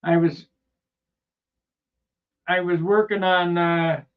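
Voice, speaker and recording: A man's voice: sits high, fairly even intonation, slow, clear, resonant tone, narrow, tinny audio. A man hosting a casual workshop vlog on building model airplanes, talking in a rambling, plainspoken way with loose asides.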